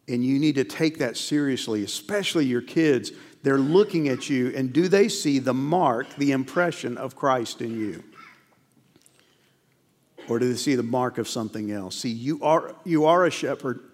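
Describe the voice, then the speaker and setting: A man's voice: mid-range voice, long reverb tail. A middle-aged man preaching a sermon in a church, earnest and conversational, full of rhetorical questions. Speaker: pastor. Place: church sanctuary.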